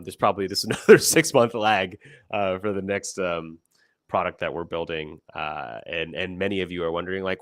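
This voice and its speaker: A man's voice: low-pitched, vocal fry, fairly bright tone, dry recording, studio quality. A young man hosting a casual livestream, rambling with many fillers and restarts and laughing often. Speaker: company founder hosting a livestream.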